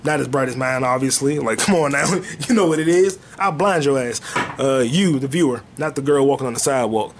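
A man hosting a podcast, riffing in a loose, jokey comedic monologue that jumps into high excited bursts. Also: fairly quick, noisy background. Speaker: podcast host.

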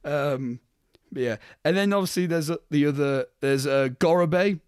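A man's voice: a little high, normal speed, darkish tone, clean tone, no echo, studio quality. A young man co-hosting a casual film podcast, swearing freely and laughing as he talks. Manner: swearing, laughing, acting out characters' lines. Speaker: podcast co-host.

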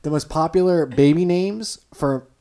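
A man in his late twenties co-hosting a podcast, rambling in a relaxed way and swearing often. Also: fairly high pitch, a little slow, smooth. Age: 20s. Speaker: podcast co-host. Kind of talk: casual chat.

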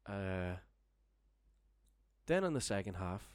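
A man's voice: low-pitched, very animated, takes it slowly, clear, resonant tone, no room sound, clean studio sound. A young man telling a long, rambling, sweary story in casual chat, laughing as he goes. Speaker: storyteller guest. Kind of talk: casual podcast anecdote.

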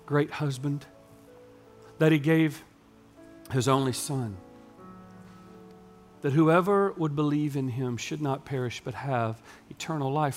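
High-pitched guy preaching, goes quiet then builds up loud, faint music under it. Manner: swings from hushed, intimate lines to loud, building storytelling. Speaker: pastor. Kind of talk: sermon.

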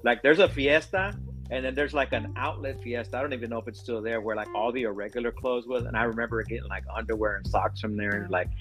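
A man's voice: medium pitch, fairly even intonation, fast talker, fairly bright tone, soft background music, low-quality recording. A man hosting a podcast, chatting casually and telling jokey stories. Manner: jokey, storytelling. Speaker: podcast host. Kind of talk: casual chat.

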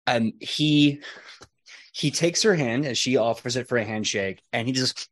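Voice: medium pitch, measured pace, a bit bright, no echo. Game master, rambling narration, filler-heavy, dry close sound. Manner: loose, rambling description with many fillers.

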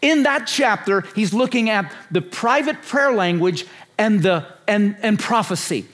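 A man in his sixties preaches with an emphatic, repetitive delivery and fires rhetorical questions at the crowd. His voice sits fairly high for a man. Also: lively intonation, unhurried, fairly bright tone. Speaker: conference speaker. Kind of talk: sermon.

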